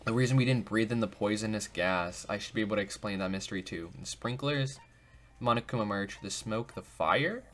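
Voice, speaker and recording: A man's voice: on the low side, a little fast, a bit bright. A man hosting a let's play who jokes about himself and talks to himself while he thinks things through. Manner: goofy, self-mocking, talks to himself. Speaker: gaming video host.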